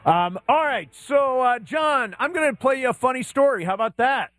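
A man co-hosting a sports radio show, chatting in a lively, casual way. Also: very high-pitched, moderate pace, soft background music.

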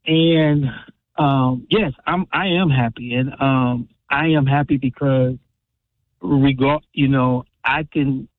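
A man calling in to a radio show, speaking warmly and affirmingly, often halting and restarting. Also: medium pitch, fairly even intonation, no room sound. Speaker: caller. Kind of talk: call-in talk radio. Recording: tinny phone line.

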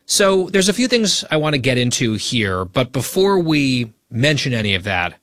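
A man hosts a radio talk show in a mid-range voice, quick and teasing as he banters. The studio sound is dry and close. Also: mid-range voice, sing-song, fairly bright tone, dry recording.

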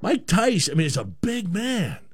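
A man's voice: sits high, wildly swooping pitch, unhurried, husky, dry recording, studio quality. A man born in Canada hosting a sports talk show, giving a rambling, opinionated monologue with lots of repeated words.

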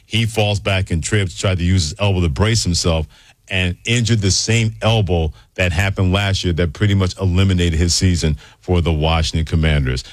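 A lower-voiced male radio host with a relaxed, easy delivery and a quick laugh. His voice sounds dry and close, with no room sound around it. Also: no room sound. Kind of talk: sports talk radio.

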